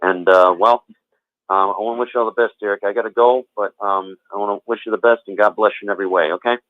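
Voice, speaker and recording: A man's voice: lowish voice, steady tone, quick pace, no echo, phone-quality sound. A male caller saying a long goodbye, repeating his thanks effusively over and over. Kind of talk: call-in phone goodbye.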